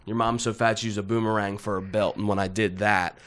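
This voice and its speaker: A man who is an aspiring comedian, a podcast guest in casual chat, telling stories in a relaxed way with laughs. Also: lowish voice, fairly quick. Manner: relaxed storyteller, laughs while telling anecdotes.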